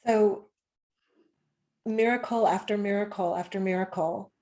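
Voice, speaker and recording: A woman hosting a podcast, reflecting aloud in a halting way and searching for words. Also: mid-range voice, darkish tone. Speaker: podcast host. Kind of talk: casual interview chat.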